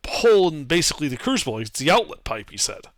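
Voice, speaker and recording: Animated guy playing a tabletop game, lots of ums, dry mic. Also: on the high side, fast talker, dry recording. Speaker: player.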